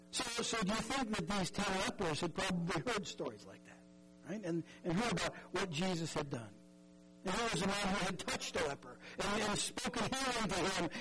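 Male preacher, earnest and chatty, higher voice, radio broadcast with loud music underneath. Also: poor audio. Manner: earnest, conversational, repeats words, acts out voices. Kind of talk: sermon.

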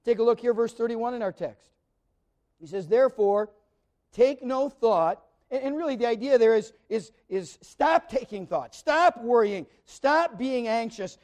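A middle-aged male pastor preaching a sermon in a conversational way, repeating words as he goes and building to loud, emphatic peaks. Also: very high-pitched, lively intonation, moderate pace.

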